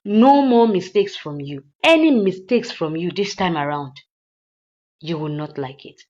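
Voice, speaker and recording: A woman voicing a furious rich woman who orders a killing, loud and repeating her demands. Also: on the low side, animated, measured pace, highs cut off.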